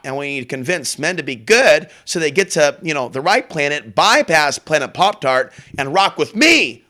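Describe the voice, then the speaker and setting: A man's voice: fairly high pitch, fairly bright tone. A man hosting a morning show in a rambling, profane, brash casual monologue. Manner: brash, profane, jumps between topics. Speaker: host.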